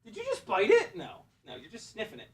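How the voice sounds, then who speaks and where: Excitable guy flying drones on stream, laughs a ton, curses, very up and down voice. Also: high-pitched, fairly quick, breathy edge. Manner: excitable, laughs often, swears, talks to his dog. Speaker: FPV drone pilot and streamer. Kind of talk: casual live-stream chat while flying.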